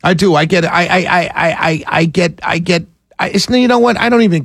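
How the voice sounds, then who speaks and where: A man's voice: sits high, steady tone, fairly quick, fairly bright tone, slightly rough, dry recording. A man hosting a talk radio show, ranting passionately and raising his voice into a close studio mic. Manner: passionate, ranting, raises voice when angry.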